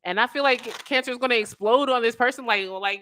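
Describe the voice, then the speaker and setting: A woman giving a casual tarot reading in an animated way, full of slang, acting out the voices she quotes. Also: on the high side, quick pace, hardly any pauses, slight background noise. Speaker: tarot reader.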